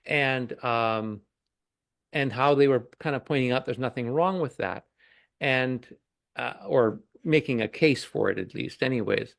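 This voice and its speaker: Man, podcast guest, gravelly voice, dry close sound, hesitant reflective delivery. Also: mid-range voice, a little slow, a bit bright, no echo. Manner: thoughtful, hesitant, many fillers. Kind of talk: casual conversational podcast.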